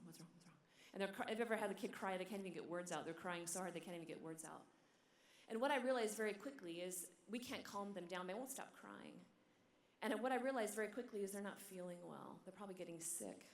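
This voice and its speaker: A religious sister giving a talk at a conference, telling stories with animated energy and dropping to a hushed whisper at tender moments. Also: female voice, medium pitch. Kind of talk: sermon. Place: large hall. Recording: echoey hall.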